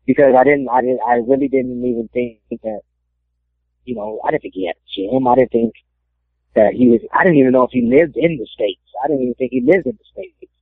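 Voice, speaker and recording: A young man tells a personal story in a casual interview, slipping into quoted voices as he goes. His voice has a gravelly edge. The sound comes over a tinny, dry phone line. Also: medium pitch, a little fast, no echo. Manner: animated storyteller, acts out quotes. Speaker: MMA fighter interviewee.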